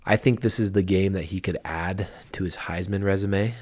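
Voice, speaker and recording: This podcast co-host is a man in easygoing college football chat, filling his hedges with lots of fillers. His low voice is darkish and steady in tone, at normal speed.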